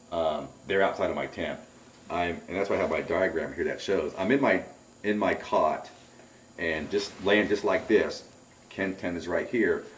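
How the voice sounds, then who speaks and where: A man's voice: low voice, echoey room. A middle-aged man telling his own story in an interview, acting out his own alarmed, cursing exclamations. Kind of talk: animated first-person storytelling. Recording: voice picked up from a distance.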